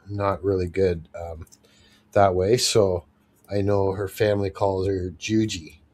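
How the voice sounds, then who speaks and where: A man's voice: low voice, fairly even intonation, slow pace, a little mellow. A man streaming live, easygoing, reading chat messages and chatting with lots of fillers. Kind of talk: casual livestream chat.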